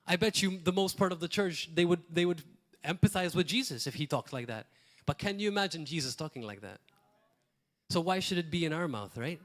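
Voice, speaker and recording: A man preaching in a lively, loose and rambling way, now and then slipping into acted-out quotes. His voice sits a little high for a man. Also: fairly quick. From Malta. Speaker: pastor. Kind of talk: sermon.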